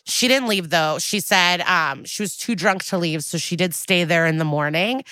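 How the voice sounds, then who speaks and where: A woman co-hosting a podcast, recapping a TV episode in casual chat, animated and blunt, with laughs and asides. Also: lowish voice, moderate pace, no room sound. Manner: blunt and outspoken. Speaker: podcast co-host.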